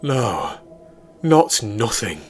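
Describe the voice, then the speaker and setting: A man's voice: fairly low pitch, very animated, drawn-out words, a little mellow, soft background music, heavily acted. A man voicing a self-important male scientist who speaks in a pompous, lecturing way.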